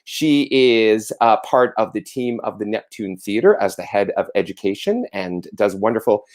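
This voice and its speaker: A man's voice: fairly low pitch, expressive, moderate pace. A man hosting a casual livestream from home, effusive and theatrical, talking into a webcam mic. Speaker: livestream host.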